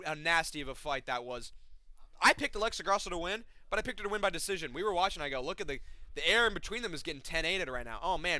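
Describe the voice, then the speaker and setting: Man host, high bright voice, agitated profane rant, fight recap from a home room. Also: dry recording. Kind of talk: casual ranting recap.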